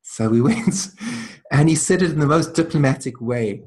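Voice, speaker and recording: A man being interviewed as a traditional healer, telling reflective stories in a thoughtful, measured way. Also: a little high, darkish tone. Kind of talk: reflective storytelling.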